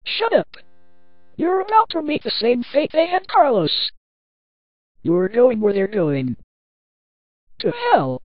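A woman's voice: medium pitch, sing-song, a little slow, no room sound, lo-fi sound. A woman voicing a possessed, murderous schoolgirl who taunts her victims in a menacing tone. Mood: furious.

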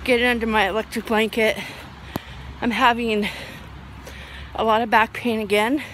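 A woman's voice: on the high side, little pitch movement, moderate pace, fairly bright tone, slight background noise. A woman in her forties chatting casually to camera as a vlogger, rambling with lots of ums. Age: 40s.

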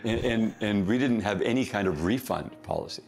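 Gravelly low-voiced middle-aged man. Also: brisk, soft background music. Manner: animated, laughing often, self-deprecating. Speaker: company founder guest. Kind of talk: casual anecdotal storytelling.

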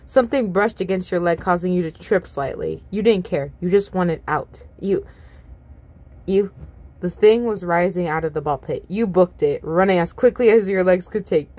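A woman reading fan fiction aloud, expressive and giggly, with chatty asides to her listeners. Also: fairly low pitch, normal speed. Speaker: story reader.

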